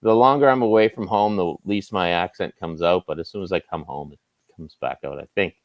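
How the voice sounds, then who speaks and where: A man with a Canadian Maritime accent, a sports anchor chatting as a guest in a relaxed, self-deprecating way. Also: sits low, a little fast, no echo, highs cut off. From Nova Scotia, Canada. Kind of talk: casual interview chat.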